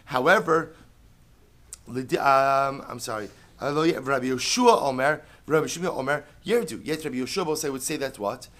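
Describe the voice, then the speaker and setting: A man's voice: on the high side, fairly bright tone. A middle-aged man teaching a Talmud class, explaining step by step, repeating key phrases and asking and answering his own questions, with Hebrew and Aramaic terms mixed in.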